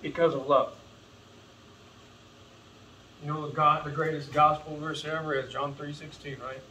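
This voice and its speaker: A man's voice: on the high side, little pitch movement, brisk, sharp tone, far from the mic, slight background noise, low-quality recording. A man preaching an earnest, impassioned sermon as pastor, calling his listeners folks. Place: church sanctuary.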